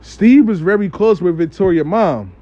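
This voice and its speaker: A man casually telling a story in a slangy, profane, animated way as a spiritual practitioner. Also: high-pitched, moderate pace, highs cut off.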